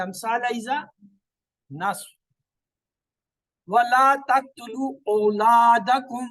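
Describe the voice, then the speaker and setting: A man teaching Quranic Arabic grammar in a slow, deliberate way, repeating terms and pausing now and then to find words. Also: extremely high pitch, fairly bright tone, no echo, low-quality recording. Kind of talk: recorded Quran grammar lesson.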